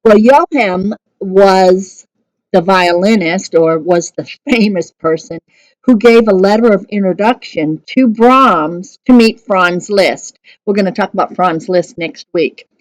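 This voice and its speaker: Woman, music teacher, conversational lesson, self-correcting, mid pitch, dry close recording. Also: takes it slowly, no room sound.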